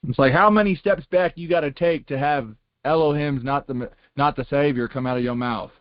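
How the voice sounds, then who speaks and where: A man's voice: a little high, brisk, no room sound. A man giving casual, rambling testimony in a call-in Bible class, talking in loose colloquial phrases and circling back with "it's like.". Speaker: class participant. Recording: dull lo-fi conference call line.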